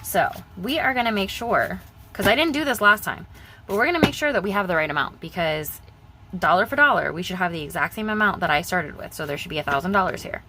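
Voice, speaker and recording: A woman's voice: lowish voice, lively intonation, quick pace, bright, forceful tone, a little hiss or hum, poor audio. A young woman chatting casually in her vlog, rambling and repeating herself as she talks about budgeting. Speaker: budgeting vlogger.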